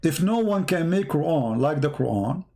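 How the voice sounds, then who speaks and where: A man giving a mocking, sarcastic commentary monologue in broken, halting phrasing. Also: fairly high pitch, expressive, creaky, mellow.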